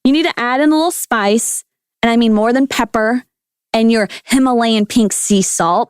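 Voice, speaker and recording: A woman's voice: a little high, normal speed, smooth, dry recording, clean studio sound. A woman who used to be a food scientist, a podcast guest riffing playfully on words in casual chat. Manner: animated, silly, riffing on words.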